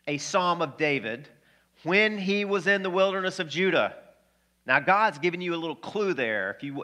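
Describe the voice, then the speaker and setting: Male pastor, fairly high and bright tone, lively conversational sermon delivery that keeps asking the room questions. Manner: energetic, conversational preaching with questions to the congregation.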